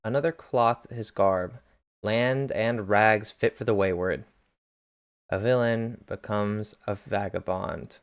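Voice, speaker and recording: A man's voice: fairly low pitch, takes it slowly. A man reading dramatic recap captions aloud in a casual way, stumbling over words now and then. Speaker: reader narrating a webcomic.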